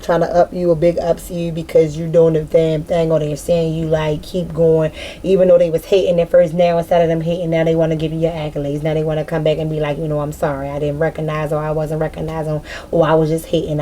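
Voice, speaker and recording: A woman giving a casual spiritual card reading to her viewers, rambling, excitable and full of slang, breaking into loud laughter. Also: low-pitched, fast talker, slight background noise, low-quality recording. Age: adult with a daughter. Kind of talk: casual tarot-style collective reading.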